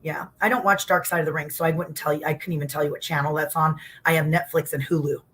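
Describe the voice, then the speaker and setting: A middle-aged woman chats through a casual interview, a former wrestler spinning stories with lively acted-out quotes. Her voice sits a bit low for a woman, and she swears casually as she talks. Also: quick pace, slight background noise. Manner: animated storyteller who acts out quotes, swears casually.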